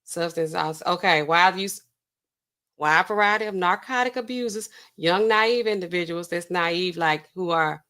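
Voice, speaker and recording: Her voice is lowish and fairly bright as this pharmacist host works through drug documents, reading them aloud in a skimming, casual way. "Okay?" comes up constantly as she checks in.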